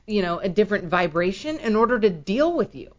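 A woman talking in casual chat, emphatic and animated, checking in with the listener. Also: mid-range voice, brisk, dull audio. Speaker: podcast guest.

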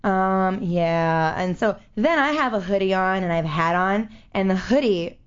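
A woman telling a story in quick, animated casual chat, peppered with fillers and swearing. Her voice sits at an average pitch. The recording is dull and lo-fi. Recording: dull lo-fi audio.

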